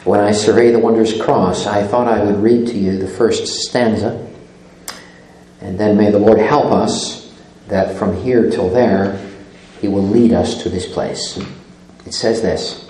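Male pastor, low mellow voice, unhurried, deliberate delivery, roomy echo. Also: steady tone, a little hiss or hum. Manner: slow, deliberate, dropping to a hush on key phrases. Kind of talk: sermon.

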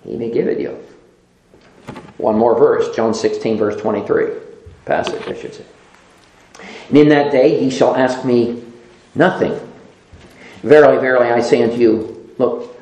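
A male preacher whose pitch swings widely as he works through scripture, climbing high on the words he stresses. His voice rings in a noticeably echoey room. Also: wildly swooping pitch, a little slow, a little mellow. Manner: reads scripture aloud, then rises in pitch on repeated emphatic words. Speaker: pastor. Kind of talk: sermon.

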